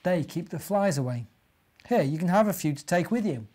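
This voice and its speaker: A man voicing a proud, grumpy male wild boar in a children's storybook, with a grunting, gruff manner. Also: sits high, animated, brisk, darkish tone. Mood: delighted.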